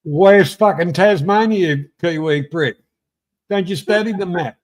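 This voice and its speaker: Older man, high voice, teasing banter in a casual chat. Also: measured pace. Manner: jokey, needling, mocking banter. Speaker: show co-host.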